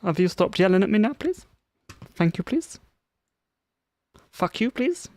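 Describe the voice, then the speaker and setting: Streamer, swears at an AI while coding live, lively pitch, dry close sound. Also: a little slow, no room sound. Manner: swears a lot at an AI chatbot, mutters and reads aloud; swings between low muttering and loud outbursts.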